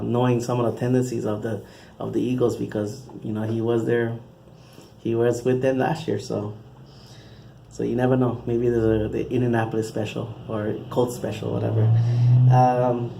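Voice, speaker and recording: Mellow-voiced man rambling through picks. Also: medium pitch, creaky, a little hiss or hum. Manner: rambling, conversational, frequent restarts. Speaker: channel host giving football picks. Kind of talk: casual spoken predictions.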